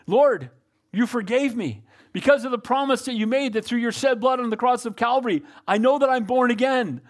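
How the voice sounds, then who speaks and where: A middle-aged male pastor preaching a sermon, calling for amens and moving between loud exhortation and quiet reflection. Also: very high voice, fast talker. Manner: preachy, calls for amens, shifts from loud to soft.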